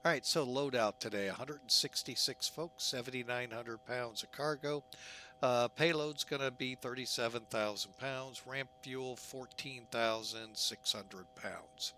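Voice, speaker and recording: While setting up a flight simulator, a man keeps up chatty, jokey commentary, often teasing himself. His medium-pitched voice sounds bright and forceful at a measured pace, with slight background noise.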